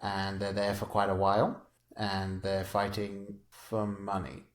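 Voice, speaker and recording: A man with a fairly low voice co-hosting a casual podcast. He talks in a relaxed, rambling way and often chuckles mid-sentence. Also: unhurried. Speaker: podcast co-host.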